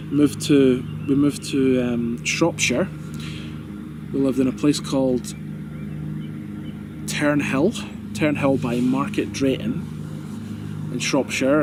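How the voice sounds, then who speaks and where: A man in his thirties with a soft, well-spoken Scottish accent, reminiscing in a rambling, self-correcting way and chuckling often. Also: medium pitch, heavy background noise. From Scotland. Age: 30s. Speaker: vlogger. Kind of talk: casual reminiscing monologue. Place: outdoors.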